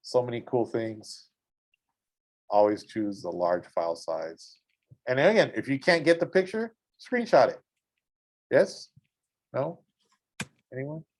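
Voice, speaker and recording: A man's voice: mid-range voice, lively intonation, takes it slowly, long pauses, a little mellow. Enthusiastic male art teacher. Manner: enthusiastic, exclaims over images and keeps checking in with "right?". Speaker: high school art and design teacher. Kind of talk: casual classroom instruction while browsing images. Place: school art classroom.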